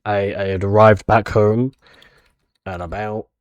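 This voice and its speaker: A man's voice: lowish voice, little pitch movement, a little slow, no room sound. A man streaming live, chatting casually and a bit ramblingly with his viewers as he greets them.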